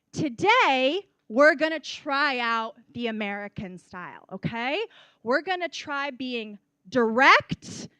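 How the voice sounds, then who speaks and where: Woman workshop presenter, unhurried delivery, bright high register, close dry sound. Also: no echo. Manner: animated teacher, stresses words and checks in with "okay?". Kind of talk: public speaking workshop lesson. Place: workshop room.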